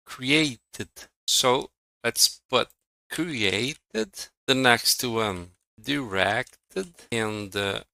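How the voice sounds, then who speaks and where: A male English teacher with a Brazilian Portuguese accent speaks very slowly and deliberately, drilling words one at a time. His tone is bright and the recording is dry and close. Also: mid-range voice, no echo, low-quality recording. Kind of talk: online pronunciation lesson.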